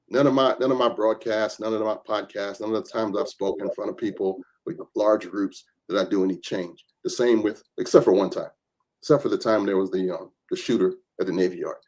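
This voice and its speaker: Husky guy, a preacher on a podcast, telling stories and doing the voices of the people in them. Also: fairly low pitch, a little fast. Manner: animated storyteller who acts out quoted voices. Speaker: guest, reverend and gun rights advocate. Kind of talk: storytelling in a podcast interview.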